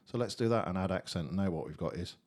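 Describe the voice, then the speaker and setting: A man casually walking through a software tutorial, chatty and thinking aloud. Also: low-pitched, fast, very noisy. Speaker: tutorial host.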